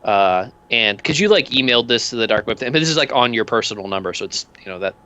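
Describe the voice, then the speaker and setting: A man's voice: medium pitch, lively intonation, fast talker, sharp tone. A man narrating as game master in a casual, rambling way with many fillers, on dull lo-fi audio.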